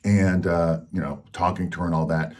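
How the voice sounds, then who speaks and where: A man's voice: deep voice, little pitch movement, normal speed, a little mellow. A man hosting a health channel, telling a personal story in a frank, rambling way with lots of fillers.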